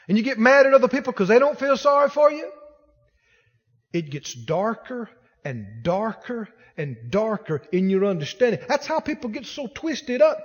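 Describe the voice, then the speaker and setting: High-voiced man preaching emphatically. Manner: emphatic, repetitive preaching exhortation; addresses the congregation directly. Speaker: pastor. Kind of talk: sermon. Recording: long hall reverb.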